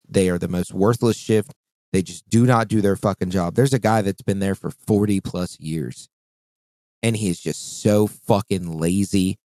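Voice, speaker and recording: A man's voice: fairly low pitch, a little mellow, dry recording. A man chatting casually on a podcast, telling a rambling, profane story as he vents about work. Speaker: podcast co-host.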